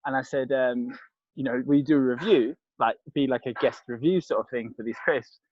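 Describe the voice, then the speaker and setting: A London-accented podcast guest, a crisp reviewer, chats casually and rambles with plenty of restarts and fillers. His mid-range voice is fairly even in intonation at a moderate pace. The lo-fi recording has no room sound.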